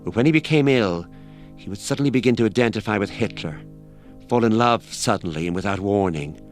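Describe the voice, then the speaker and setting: Male narrator, lower register, scripted and measured, faint music under. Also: expressive. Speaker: documentary narrator.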